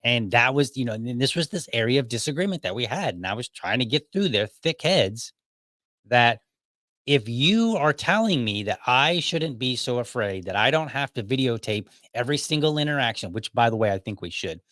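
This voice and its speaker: A man's voice: mid-range voice, animated, normal speed, a bit bright, dry recording. Dry-voiced man telling a story wryly. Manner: storytelling, argumentative and wry. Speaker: podcast host. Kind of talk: casual podcast monologue.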